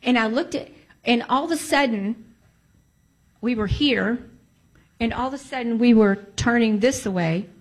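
A woman's voice: on the high side, measured pace, pauses often. A woman telling a personal story in a casual way, emphatic and repeating phrases for emphasis.

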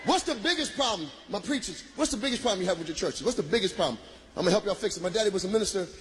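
A man from Michigan doing stand-up comedy, loud and shouting his punchlines while laughing through the bits. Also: high voice, expressive, very fast, a little hiss or hum.

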